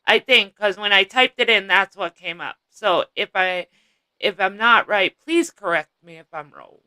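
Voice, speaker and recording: A woman's voice: medium pitch, expressive, normal speed, sharp tone, smooth, no room sound, poor audio. A woman with a Massachusetts accent hosting a casual live-stream chat, talking loosely, laughing easily and trailing off mid-thought. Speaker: host.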